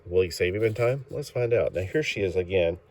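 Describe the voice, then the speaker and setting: Fairly quick and lively in intonation, a low, darkish-toned man talks his way through an old comic book in a loose, rambling style. Fillers interrupt him frequently, and he keeps correcting himself.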